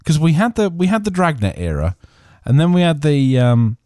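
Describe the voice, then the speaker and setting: A man's voice: a little high, very animated, normal speed, a little mellow, no room sound, clean studio sound. A man hosting a podcast, rambling through casual chat with many fillers and restarts. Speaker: podcast host.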